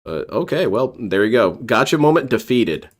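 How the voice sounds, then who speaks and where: A man's voice: mid-range voice, big pitch swings, normal speed. A man doing casual reaction commentary, rambling and mocking in a sarcastic way. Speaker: commentary streamer.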